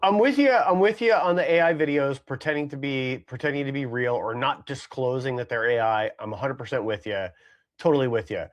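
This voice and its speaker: A man co-hosting a podcast in easy chat, his voice sitting at an ordinary middle pitch. He rambles, hedges and repeats himself, circling back to his point with plenty of fillers. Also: fairly quick, lo-fi sound. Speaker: podcast co-host. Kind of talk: casual comedic chat.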